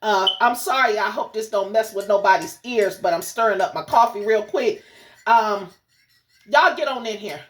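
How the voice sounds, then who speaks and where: A woman's voice: medium pitch, normal speed. A woman running a livestreamed spiritual message as channel host, speaking fervently and preacherly, cursing often and talking straight to her audience. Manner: addresses the audience directly and repeatedly.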